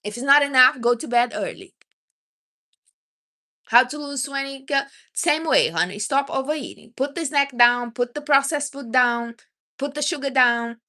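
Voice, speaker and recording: Bright-voiced woman giving blunt advice. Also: sits high, moderate pace. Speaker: livestream host. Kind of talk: casual livestream chat.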